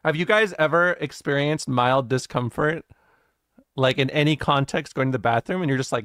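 A man's voice: mid-range voice, moderate pace, a bit bright, no room sound, studio quality. A young adult man streaming casually, reading his chat aloud and answering it in a rambling, jokey way, often swearing and laughing.

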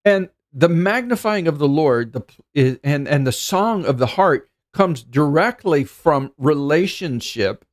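Man preaching a sermon, middle-aged, higher-pitched voice, earnest, repeats himself while thinking aloud. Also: expressive, a little slow, few pauses. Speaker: pastor.

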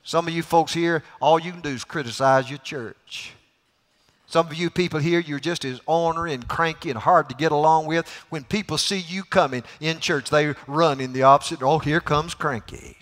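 Man preaching, folksy storyteller, somewhat high voice, big reverberant sanctuary. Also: normal speed. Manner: folksy, joke-telling, swings between loud and quiet. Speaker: guest preacher. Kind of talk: sermon. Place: church sanctuary. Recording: reverberant church hall.

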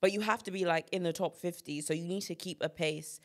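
A woman's voice: on the low side, fast. A young woman co-hosting a podcast in casual chat, blunt and slangy, with plenty of enthusiasm. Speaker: podcast co-host.

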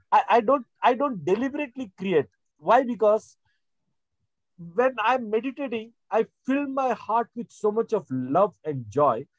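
A man's voice: high-pitched, no echo, dull audio. A middle-aged man preaching a sermon, rambling with many fillers and restarts. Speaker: pastor. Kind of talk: sermon teaching.

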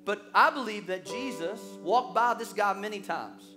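A male pastor preaching a sermon, telling stories with lively acted-out quotes and quick repetitions. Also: high voice, music in the background. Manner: animated storytelling, acts out quoted voices; repeats words when excited.

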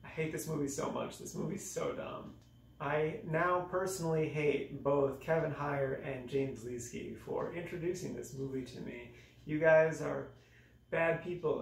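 A young man with a creaky, mid-range voice riffs casually on movies in a comedic monologue, self-mocking and exaggerated, with sudden dramatic changes in his voice. The sound is echoey and he is a bit away from the mic.

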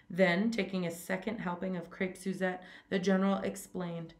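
A woman reading a short story aloud in a steady, plain manner, with small stumbles. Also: lowish voice, moderate pace, few pauses. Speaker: reader.

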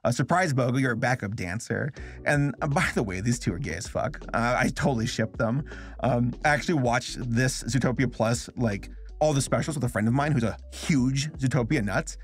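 A man's voice: medium pitch, normal speed. American male reviewer, casual rambling commentary, mid-range voice. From United States. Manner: loose, joking, rambling with fillers. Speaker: online film reviewer.

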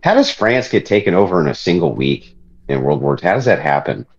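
A lower-voiced man from Ireland rants on a podcast, swearing freely and mocking his guests with exasperated sarcasm. The sound is muffled and a bit lo-fi. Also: very animated, fairly quick. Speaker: show host. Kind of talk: ranting podcast banter.

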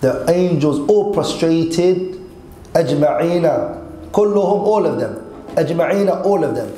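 A man's voice: a little high, fairly quick, dark tone, echoey room, poor audio. A man teaching Arabic grammar in an online lesson, quizzing his students and mixing Arabic quotes with English.

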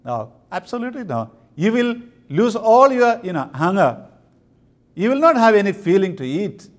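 A man from India giving a slow, emphatic sermon with pauses at a convention. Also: high voice, big pitch swings. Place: convention hall.

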